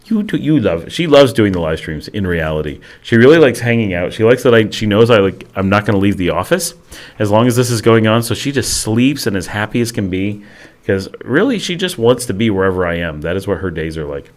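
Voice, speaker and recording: A man's voice: on the low side, brisk. Rambling man hosting a casual livestream. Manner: rambling, filler-heavy, lively swings in tone. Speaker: livestream host. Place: home office. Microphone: desk microphone.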